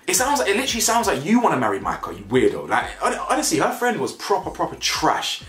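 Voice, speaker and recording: Lively British man, roomy sound. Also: high-pitched, quick pace, few pauses. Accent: British, with urban slang. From United Kingdom. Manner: animated, slangy, blunt, laughs at own jokes. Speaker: reality TV reviewer. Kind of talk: casual opinionated commentary. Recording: roomy echo, faint music behind.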